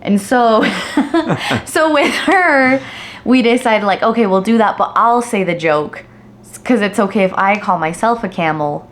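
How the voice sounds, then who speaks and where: A young woman narrating a family vlog in a chatty, storytelling way with quick asides. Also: medium pitch, lively intonation, a little hiss or hum. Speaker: family vlogger.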